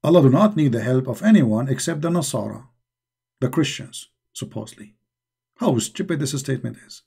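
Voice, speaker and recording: A man's voice: mid-range voice, animated, moderate pace, gravelly, dark tone, breathy edge. A man hosting a live online discussion, speaking in a mocking, emphatic and repetitive way, with non-native English grammar. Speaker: online debate host.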